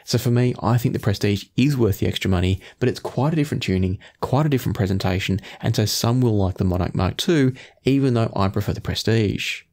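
A man reviewing earphones in measured talk, often qualifying his claims. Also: fairly low pitch, darkish tone. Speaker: audio gear reviewer.

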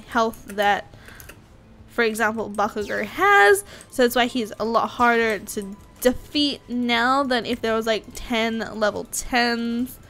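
A young woman casually commenting on her gameplay, excitable and chatty, often squealing with surprise. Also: fairly high pitch. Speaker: gaming YouTuber. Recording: faint game music behind.

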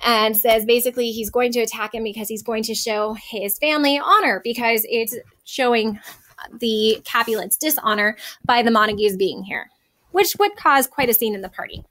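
A woman's voice: on the high side, moderate pace, a bit bright. Casual woman teacher explaining a play. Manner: casual, with frequent um and so basically.

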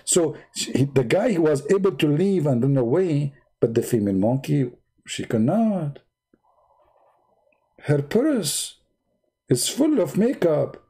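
A man hosting a livestream, retelling a story in a mocking, animated way and speaking broken, non-native English. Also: slow pace, pauses often, husky. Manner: mocking, animated storytelling with big pitch swings. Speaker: livestream host. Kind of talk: casual livestream commentary.

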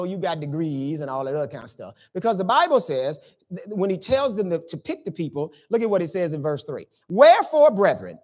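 Man, pastor, conversational sermon, lively swinging pitch, church. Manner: conversational preaching, colloquial, rhetorical questions. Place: church sanctuary.

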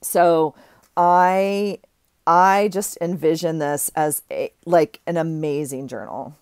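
This craft vlogger, a middle-aged woman, speaks in a low, smooth voice and takes it slowly. She gushes and rambles through a casual haul chat, interrupting herself mid-sentence, in a clean studio recording with no echo.

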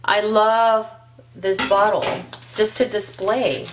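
A woman vlogger chatting casually as she unboxes nail polish, gushing and excitable, talking straight to her viewers. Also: medium pitch, measured pace, long pauses, slight background noise, rough recording.

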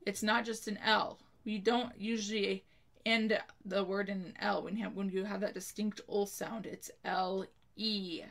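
A woman with a mid-range voice and vocal fry gives children a slow spelling lesson, carefully spelling out each word letter by letter. She also provides an example sentence for each.

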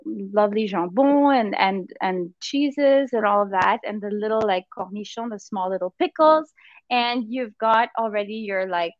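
A woman's voice: mid-range voice, no room sound, dull audio. A woman chatting casually and enthusiastically about food and a holiday gift hamper. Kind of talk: casual video-call chat.

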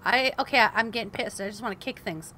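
A woman's voice: on the high side, fast talker, sharp tone, slight background noise. A young woman commenting on her gameplay, swearing in frustration and talking to herself and her viewers. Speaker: gaming video host.

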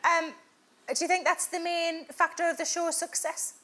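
A woman's voice: very high-pitched, little pitch movement, moderate pace. A woman hosting a comedic talk show interview, cheeky and giggly, with frequent ums. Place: television studio with live audience. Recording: studio audience laughter and noise.

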